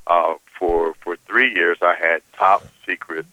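A man giving political commentary as a guest, halting and often repeating his words. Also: sits low, steady tone, dull audio.

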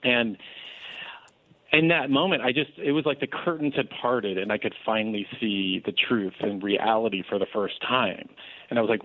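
A man telling his personal story as an interview guest, earnest and animated, with frequent restarts. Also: medium pitch, moderate pace, dry recording. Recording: dry tinny phone-like line.

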